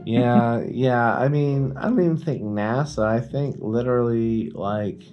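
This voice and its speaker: A man's voice: medium pitch, a little slow, dull audio. A man co-hosting a podcast in casual chat, sarcastic and profane in a dry way. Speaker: podcast co-host.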